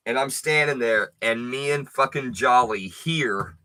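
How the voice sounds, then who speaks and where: Slow-talking profane male storyteller. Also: mid-range voice, sharp tone. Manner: profane, deliberate, emphatic.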